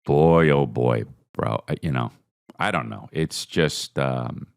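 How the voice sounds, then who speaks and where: A podcast host with a slow, creaky, smooth male voice tells a comedic story. He's animated, acting out his own lines and other people's with big jumps in pitch.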